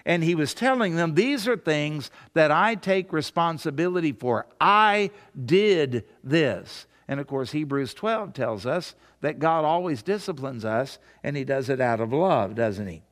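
Male pastor, sermon, slightly high voice, conversational, asks rhetorical questions, long hall reverb. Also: clear, resonant tone.

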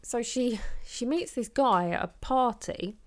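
A woman's voice: fairly high pitch, unhurried, darkish tone. A woman chatting casually about films, hesitant and full of fillers. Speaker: podcast co-host.

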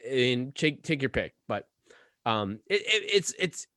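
A man's voice: medium pitch, sing-song, unhurried, pushed and bright, no room sound, studio quality. A man co-hosting a podcast, rambling and cursing with many restarts as he rants. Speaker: podcast co-host. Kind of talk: casual podcast chat.

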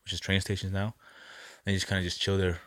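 Fast-talking low-voiced young man. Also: completely flat delivery, fairly bright tone. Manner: slangy, swearing, laid-back. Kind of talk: casual chat.

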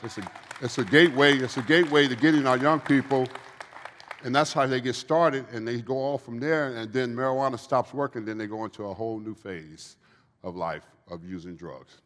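Some chatter can be heard behind a man in recovery who speaks as a guest at a church Q&A, his mid-range voice brisk and fairly bright. He gives earnest, preachy testimony, repeating phrases often, and the large church hall adds long reverb.

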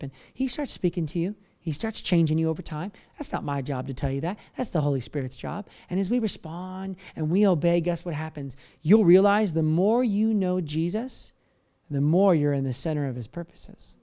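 Male pastor, high voice, passionate repetitive preaching, calls listeners to commit. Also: brisk. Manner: impassioned, building to near-shouts then dropping soft. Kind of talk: sermon with altar call and prayer.

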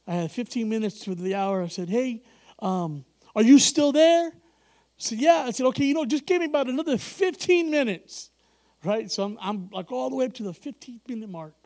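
A man preaching a sermon, telling a story with acted-out dialogue and frequent laughter. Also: very high-pitched. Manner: animated, acts out dialogue, laughs often.

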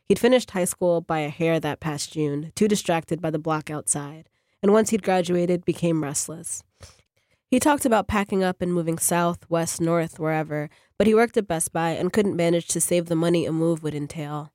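A woman, a fiction writer, reading her own short story on a radio program in a measured, even way. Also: on the low side, dry recording, studio quality.

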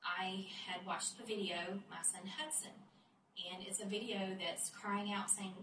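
A woman's voice: mid-range voice, fairly even intonation, unhurried. A woman and foster mother telling a heartfelt personal testimony with many hesitations. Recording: roomy, distant mic, audible noise.

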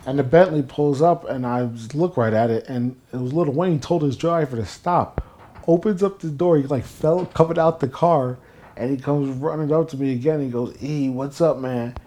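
A young man from New Jersey, a guest in an interview, telling stories casually and acting out the quotes with rising excitement. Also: fairly high pitch, normal speed. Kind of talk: casual storytelling.

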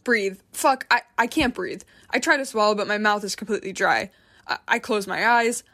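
A woman's voice: medium pitch, normal speed, pushed and bright. A woman narrating a first-person memoir in a tense, frustrated, introspective way.

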